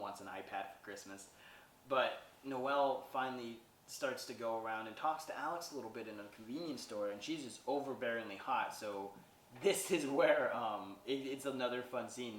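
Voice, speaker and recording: A man's voice: medium pitch, fairly bright tone, recorded from a distance, a little hiss or hum. Chatty man recapping a movie. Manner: rambling, chatty, acts out characters' lines. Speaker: podcast movie reviewer. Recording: roomy sound from away from the mic.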